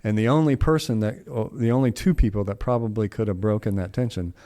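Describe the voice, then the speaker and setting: A middle-aged man tells a story on a podcast in a relaxed, folksy way. He rambles and restarts, and tosses in asides as he goes. His voice sits a bit low. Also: quick pace. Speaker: podcast co-host. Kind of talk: casual storytelling chat.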